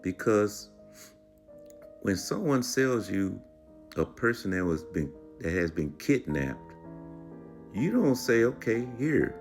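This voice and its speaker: A man's voice: lowish voice, sing-song, slow, pauses often, soft background music. A man giving reaction commentary in a preachy, lecturing way.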